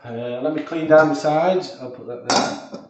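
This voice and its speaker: A man's voice: fairly high pitch, unhurried, background noise. A man with a Yorkshire accent hosting a casual cooking livestream, rambling and talking to himself as he searches his kitchen. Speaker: livestream cook. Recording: very echoey, off-mic, dull sound.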